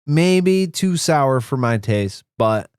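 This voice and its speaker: A man co-hosting a casual podcast, enthusiastic and quick to laugh, who swears casually. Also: mid-range voice, animated, darkish tone, clean tone, no room sound, studio quality. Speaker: podcast co-host. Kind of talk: casual chat.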